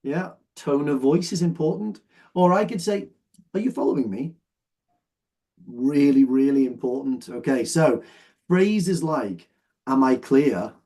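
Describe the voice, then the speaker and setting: A man's voice: a little high, animated, unhurried, dark tone. A man teaching an English exam lesson, explaining patiently and often checking that his students follow. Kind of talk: online lesson, explaining while sorting phrases.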